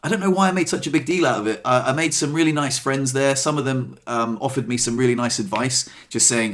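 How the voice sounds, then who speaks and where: Expressive man telling a story. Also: medium pitch, fast talker, few pauses. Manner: expressive, swears freely, acts out quotes. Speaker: vlogger. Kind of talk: casual storytelling to camera.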